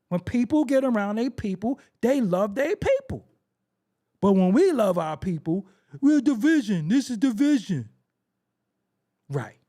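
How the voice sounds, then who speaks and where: High-voiced, fired-up New man. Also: very animated, measured pace, pauses often, warm tone. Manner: ranting, repeats phrases for emphasis, rhetorical questions. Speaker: podcast host. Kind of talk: heated opinion commentary.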